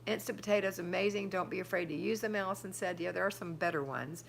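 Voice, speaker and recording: A woman's voice: fairly low pitch, quick pace, gravelly, slight background noise. An older woman hosting a live stream, chatting casually, reading out viewer comments and giving firm homemaking advice. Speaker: livestream host answering viewer chat.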